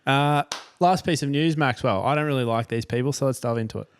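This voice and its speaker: A man's voice: mid-range voice, fairly quick, a little hiss or hum. A young man co-hosting a music podcast, making dry, teasing remarks in casual chat. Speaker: podcast co-host.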